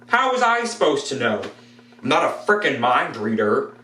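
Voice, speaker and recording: An actor playing a dim-witted young fast-food worker who tells a story in a deadpan, oblivious way. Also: male voice, mid-range voice, distant mic, slight background noise. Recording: roomy, from the mic.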